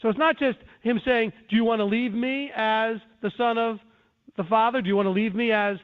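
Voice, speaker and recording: High-voiced man teaching over a phone line. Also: steady tone, a little fast. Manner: earnest, defensive lecturing with restarts. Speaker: Bible teacher. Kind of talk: conference-call teaching.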